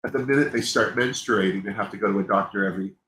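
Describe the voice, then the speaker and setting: Speaking quickly in a lowish, somewhat bright voice, a livestream host talks casually and candidly, wearing his emotions openly. He rambles, frequently interrupts himself, and restarts sentences, while the room echoes and faint noise sits in the background.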